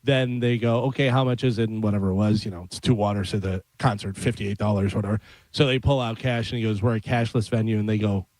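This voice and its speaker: A man's voice: fairly low pitch, fairly even intonation, quick pace, a little mellow, no echo, low-quality recording. A middle-aged man co-hosting a radio show in casual chat, acting out the voices in his stories. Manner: storyteller acting out quoted voices. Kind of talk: casual chat, telling anecdotes. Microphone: studio mic.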